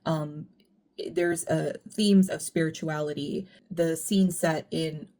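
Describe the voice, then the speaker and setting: A woman talking through her reading of an album in a casual, earnest, reflective way, speeding up when she gets animated. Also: low-pitched, slow. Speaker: music commentary YouTuber. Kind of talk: casual analytical commentary.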